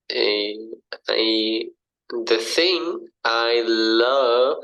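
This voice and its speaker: A man answering in an English class, hesitant and halting as he reads and rewrites sentences. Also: medium pitch, fairly bright tone, rough recording. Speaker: language student.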